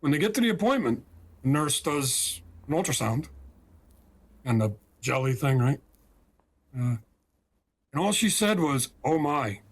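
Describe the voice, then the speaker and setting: A man's voice: fairly high pitch, big pitch swings, measured pace, long pauses, slightly rough. A man from the United States telling a story as a podcast guest and spiritual healer, emphatic and often checking in with "right?" and "okay?".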